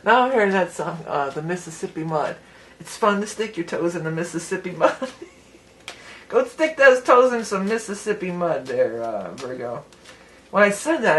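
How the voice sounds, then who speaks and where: A woman's voice: sits low, a bit bright, a little hiss or hum. A woman giving a casual tarot reading to the viewer, chatty and breaking into giggles between her readings of the cards. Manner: talks straight to the viewer as "you". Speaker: tarot reader.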